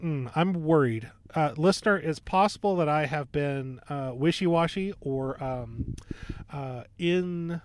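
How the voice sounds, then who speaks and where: A man's voice: a little high, measured pace. A man co-hosting a casual movie review podcast, joking and rambling with many fillers. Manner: jokey, rambling, lots of fillers.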